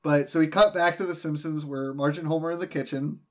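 A man's voice: on the high side, fairly even intonation, fast talker. Rambling male podcast co-host. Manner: rambling, many restarts and fillers. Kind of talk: casual chat.

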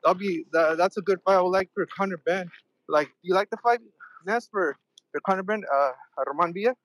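A man's voice: high voice, fairly quick, fairly bright tone, dry recording, rough recording. A young man calling into a boxing show while out of breath from running, rambling with many fillers. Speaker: caller.

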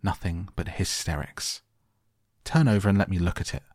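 A sour, furious little girl snaps out orders, as a male reader puts her on. The voice stays slow and a bit gravelly under the scolding, lifting now and then with temper, and it sounds dry and close. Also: deep voice, fairly even intonation, no echo, full character voice. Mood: fierce scolding. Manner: scolding, commanding.

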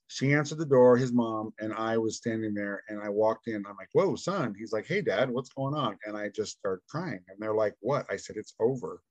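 A man's voice: medium pitch, no echo, low-quality recording. Candid man telling a personal story. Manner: candid, animated, acts out quoted dialogue. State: drained and tired. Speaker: podcast guest.

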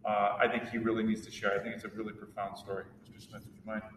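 A man's voice: on the low side, level tone, fast talker, a bit bright, distant mic. Man, teacher, introducing a speaker, eager, echoey hall, faint noise.

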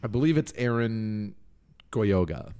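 A man's voice: fairly low pitch, lively intonation, unhurried, mellow, smooth. Chatty man co-hosting a podcast. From Minnesota, United States. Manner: chatty, rambling, swears casually, laughs often. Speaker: podcast co-host. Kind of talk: casual chat.

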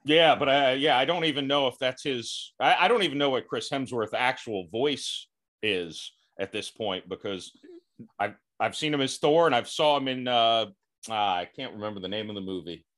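A man's voice: medium pitch, normal speed, a bit bright. A man hosting a podcast interview, chatty and laughing often between thoughts. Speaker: podcast host. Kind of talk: casual interview chat.

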